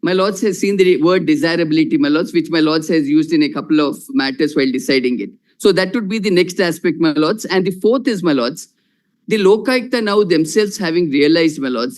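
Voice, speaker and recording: A man with an Indian English accent arguing a case before judges, measured and formal, repeating "my lords" again and again. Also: high voice. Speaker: lawyer arguing in court. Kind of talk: formal courtroom argument.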